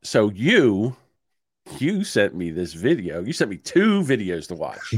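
Animated man in his sixties. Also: fairly low pitch, unhurried, breathy edge, no echo, clean studio sound. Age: 60s. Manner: animated storyteller, swears, acts out both sides of phone calls. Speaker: podcast co-host. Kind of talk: casual chat.

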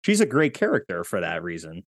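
A man with a somewhat low voice talks animatedly about a film, retelling scenes and laughing often. The recording is dry and close, with no room sound. It is a relaxed, casual podcast chat. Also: a little fast, no echo. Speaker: podcast guest.

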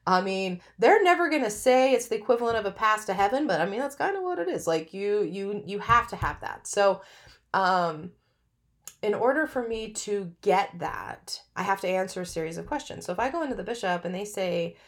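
A middle-aged woman talks through her personal story as a podcast host, frank and conversational. Her voice sits at a typical pitch for a woman, and she laughs often mid-sentence as she speaks. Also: lively intonation, brisk. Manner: candid, chatty, frank.

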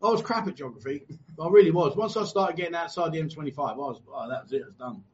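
Higher-voiced joking man, lo-fi. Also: lively intonation, fast. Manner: joking, teasing, swears freely. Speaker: live stream host. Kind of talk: casual banter, reading viewer comments. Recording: dull lo-fi live stream audio.

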